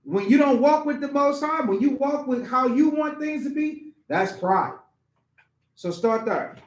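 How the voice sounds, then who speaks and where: High-voiced, animated male preacher. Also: a little slow. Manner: animated, asks the congregation questions, laughs often; colloquial, repeats key phrases for emphasis. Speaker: preacher teaching scripture. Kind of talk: informal sermon teaching. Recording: echoey room.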